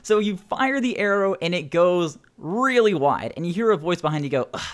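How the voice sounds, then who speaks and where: A man narrating a tabletop role-playing game as game master, animated and quick to laugh. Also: high-pitched.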